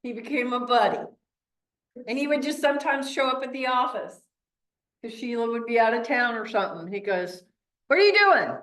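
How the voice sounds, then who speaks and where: A woman with a Midwestern American accent teaching a real estate class, telling stories with chatty, animated acted-out quotes. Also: on the high side, a little fast. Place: training classroom. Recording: echoey room.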